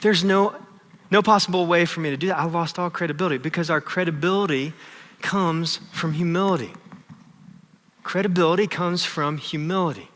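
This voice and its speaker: Pastor, 30s, man: conversational and self-deprecating, slightly high and forceful tone, recorded in a reverberant sanctuary. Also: normal speed. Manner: conversational, self-deprecating, tags lines with "right?". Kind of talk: sermon storytelling. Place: church sanctuary. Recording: long church reverb.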